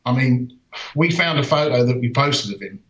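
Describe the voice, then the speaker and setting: A man's voice: medium pitch, animated, normal speed, a bit bright. A man co-hosting a podcast in casual, enthusiastic chat. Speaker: podcast co-host. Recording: roomy, dull lo-fi sound.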